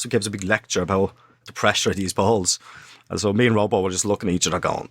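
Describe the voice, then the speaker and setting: A middle-aged man, a former footballer, telling animated stories in casual studio chat. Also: deep voice, fast, dry recording. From Ireland. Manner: animated anecdotes, acts out quotes, swears. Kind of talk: casual storytelling. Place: podcast studio.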